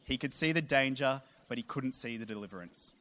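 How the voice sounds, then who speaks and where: A man, preaching a sermon with humorous storytelling and animated emphasis. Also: mid-range voice, a little fast. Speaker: pastor.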